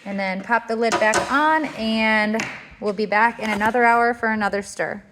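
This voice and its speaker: A woman with a slightly high voice talks through a home kitchen job in an easygoing tutorial. She explains each step plainly, pausing now and then with fillers. Faint noise sits behind her. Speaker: homestead cooking instructor.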